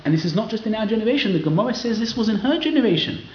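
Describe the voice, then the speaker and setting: A man giving a lively Torah class to a live audience, acting out quoted people in raised voices. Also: high voice, rapid-fire. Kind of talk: lively sermon-style Torah lecture. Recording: roomy, slightly dull hall recording.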